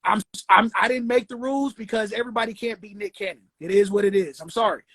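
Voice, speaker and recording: A woman's voice: medium pitch, fast talker, a bit bright, slightly rough, dry recording. A woman guest in casual conversation, blunt and swearing a lot, then apologizing for it. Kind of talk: casual chat.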